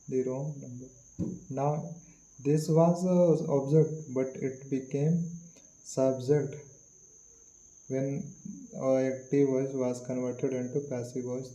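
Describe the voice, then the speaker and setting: A man with an Indian English accent teaching English grammar, speaking slowly, repeating words and phrases, with many fillers. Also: medium pitch, mellow. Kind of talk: slow classroom explanation. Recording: echoey room.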